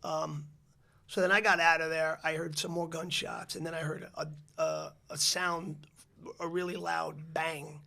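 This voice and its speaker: A man's voice: on the high side, level tone, unhurried, vocal fry, bright, forceful tone. A man, a podcast guest telling a long story in a rambling way, with many restarts and fillers. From the Bronx, New York City. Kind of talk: casual storytelling interview.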